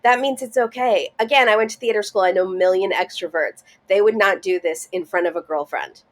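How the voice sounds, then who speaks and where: A woman's voice: mid-range voice, a little fast. Sarcastic woman in casual chat. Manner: sarcastic, mocks people by mimicking them. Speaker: podcast guest.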